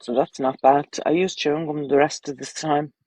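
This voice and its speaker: A woman's voice: low-pitched, fairly even intonation, moderate pace, warm tone, no room sound, rough recording. An Irish woman with children, chatting bluntly and crudely on a casual livestream, rambling from topic to topic. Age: adult, with children.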